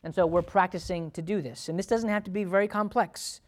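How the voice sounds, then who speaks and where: A man's voice: high-pitched, fairly even intonation, a little fast. A man, a pastor, preaching a sermon in a conversational way, asking the congregation questions and acting out thoughts and prayers aloud.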